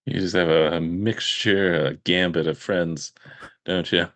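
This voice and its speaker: A man co-hosts a podcast in an easygoing, casual way and drops short, dry jokes at his partner. His voice sits very low. The recording is close and dry, with no echo. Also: steady tone, a little slow, fairly bright tone. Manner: laid-back, dry teasing asides. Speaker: podcast co-host. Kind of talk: casual chat.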